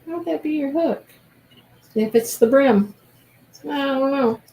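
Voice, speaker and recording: Slow-talking woman gushing over crochet. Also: high-pitched, mellow, a little hiss or hum, low-quality recording. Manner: gushing, thinks aloud while following a video. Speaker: crochet livestream host. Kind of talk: casual crochet-along livestream chat.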